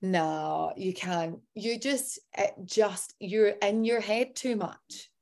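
A woman's voice: medium pitch, slow, gravelly, a little mellow. A woman hosting a podcast in casual chat, encouraging and repeating for emphasis. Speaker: podcast host.

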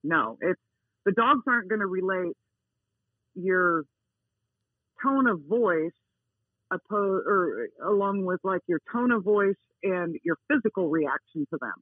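A woman who is not soft-spoken, talking emphatically in a casual interview and repeating her key words. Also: fairly low pitch, animated, unhurried, pauses often, husky, no echo. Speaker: dog owner interviewed as a guest. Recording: tinny phone line.

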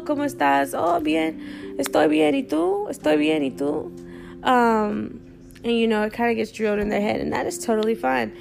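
A woman's voice: fairly high pitch, gravelly. A woman teaching basic Spanish greetings on a podcast, patient and repetitive, with frequent ums. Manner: patient, repeats phrases slowly with frequent ums. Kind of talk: podcast language lesson.

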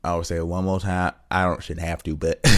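A man's voice: low voice, little pitch movement, moderate pace, no echo, studio quality. A man recording a comedy spoof, joking and laughing between botched lines. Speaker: podcast host.

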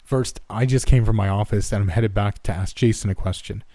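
A man doing a calm, easygoing office prankster. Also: lowish voice, a little fast, dry recording, lightly acted. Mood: defensive.

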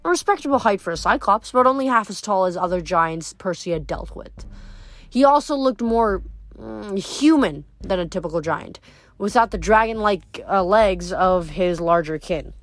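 A woman narrating a novel aloud in a lively storytelling manner with occasional small slips. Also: mid-range voice, normal speed, dry recording. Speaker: audiobook narrator.

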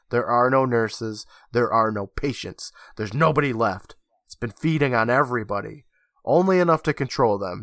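A man's voice: medium pitch, dry recording. Male podcast co-host, casual recap with acted-out quotes, dry close sound. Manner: animated retelling, acting out lines.

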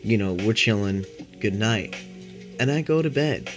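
A man's voice: fairly low pitch, lively intonation, a little slow. Stoned young man rambling over guitar music. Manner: rambling and laid-back, heavy swearing. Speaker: podcast host. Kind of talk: casual storytelling monologue. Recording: clear music playing behind.

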